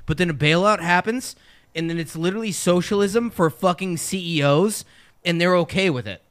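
A man with a fairly high voice ranting in a casual podcast conversation. He swears nearly every sentence and pushes his points hard and angrily. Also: moderate pace. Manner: profane angry ranting. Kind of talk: heated casual chat.

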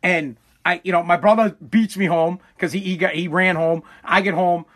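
A podcast host from Massachusetts rants through a heated monologue. His voice sits high for a man. He swears freely and speaks with fiery intensity. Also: steady tone, moderate pace, fairly bright tone. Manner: ranting, profane, fiery.

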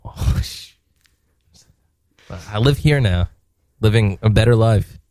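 A man's voice: fairly low pitch, slow pace, darkish tone, no echo. Self-mocking man on a dry studio mic. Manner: laughing, self-mocking asides. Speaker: radio show co-host. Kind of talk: comedic radio banter.

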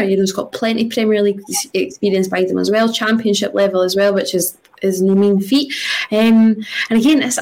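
Female podcast guest, casual chat, hesitant delivery. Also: medium pitch. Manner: hesitant, with many fillers and restarts.

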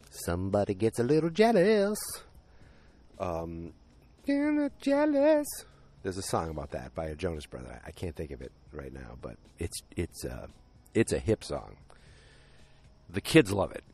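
A man casually recapping a TV episode with a deep voice and rambling, jokey asides. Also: very animated, normal speed, darkish tone, husky, no echo.

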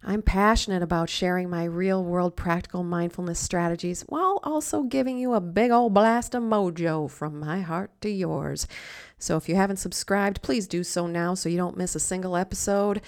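Gravelly-voiced woman hosting a mindfulness show. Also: on the low side. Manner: slow soothing guidance, dips to soft whispers. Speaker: podcast host, mindfulness coach and comedian. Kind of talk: guided meditation and comedy bit.

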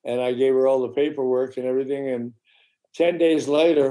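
Mellow-voiced man telling an animated story. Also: medium pitch. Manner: animated, acts out the voices of characters in his stories; casual, with occasional swearing. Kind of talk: casual storytelling chat.

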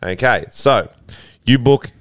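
A man's voice: mid-range voice, lively intonation, slow, fairly bright tone, no room sound, clean studio sound. A man co-hosting a comedy podcast, riffing through a made-up story in casual, laid-back chat. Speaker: podcast co-host.

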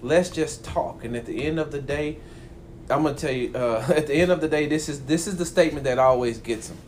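Animated male talk host, slightly raised pitch. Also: fairly quick, a little hiss or hum. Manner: animated, acts out quoted people, frequent restarts. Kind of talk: casual political chat.

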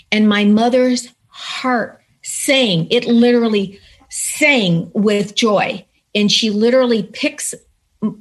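Woman guest, somewhat high-pitched, earnest and animated as she tells her story. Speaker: interview guest. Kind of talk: personal story told in conversation.

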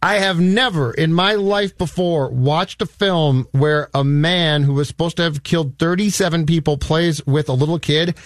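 A man chats about films with friends, building his points in loose rambling runs with restarts. His voice sits a little high and the sound is dry and close. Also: normal speed, hardly any pauses, no echo. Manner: rambling, explains with restarts and asides. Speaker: podcast cohost. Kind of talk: casual movie review chat.

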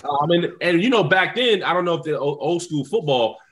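A man, a former football player and interview guest, telling stories in an animated, laughing way and often saying "man". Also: on the high side, a little fast. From South Bronx, New York. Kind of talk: casual storytelling interview.

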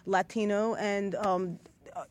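A woman's voice: mid-range voice, fairly even intonation, takes it slowly, a little mellow. A woman with a New York accent, hosting a casual interview and reacting expressively. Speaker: host.

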